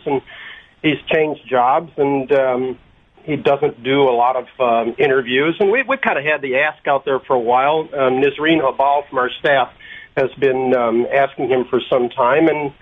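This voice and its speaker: A man answering radio interview questions by phone, halting, with many ums and restarted phrases. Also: medium pitch. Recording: tinny phone line.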